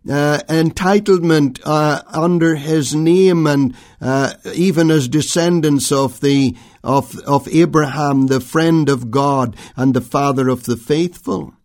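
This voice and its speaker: A man preaching a sermon, reading scripture and then expounding it in a measured, emphatic way with frequent pauses. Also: a little high. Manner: King James phrasing when reading scripture.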